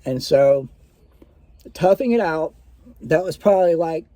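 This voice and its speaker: A man's voice: on the high side, lively intonation, unhurried, mellow, no echo. A man casually telling a personal story in a rambling, conversational way, with many fillers.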